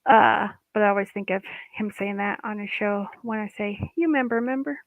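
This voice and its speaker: The voice is a woman's, medium in pitch and monotone, moving at a moderate pace with no echo. She's an EFT coach guiding listeners through an informal self-help chat, occasionally losing track of her words mid-sentence. The audio is dry and phone-like.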